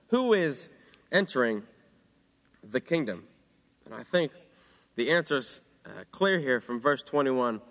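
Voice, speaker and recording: A young man giving an earnest sermon to fellow students, dropping low and quiet on quoted words. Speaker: student preacher. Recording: long hall reverb.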